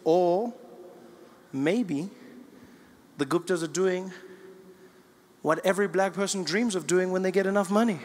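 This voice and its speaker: A man's voice: sits high, a little slow, long pauses, long reverb tail, a little hiss or hum. A male stand-up comedian telling a story with punchy asides to the audience.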